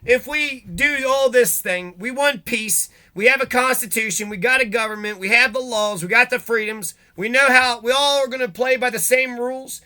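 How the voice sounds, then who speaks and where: Male commentator, high and bright, angry profane monologue host. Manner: profane, heated, swings between reading and ranting.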